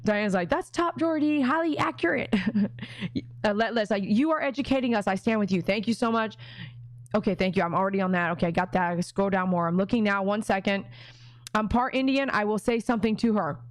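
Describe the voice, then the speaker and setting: A woman on a livestream, reading viewer comments aloud and talking straight to her fans in an animated, emotional way. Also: medium pitch, fairly quick, no room sound. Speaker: dog groomer and YouTuber.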